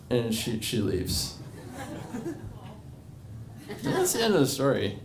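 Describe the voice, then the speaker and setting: A man's voice: medium pitch, huge pitch swings, takes it slowly, pauses often. Rambling young man in an echoey bar. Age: 20s. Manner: rambling and self-mocking, full of fillers, breaking into laughs. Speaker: storyteller. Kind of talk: live personal storytelling. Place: bar with a live audience. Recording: echoey bar with crowd noise.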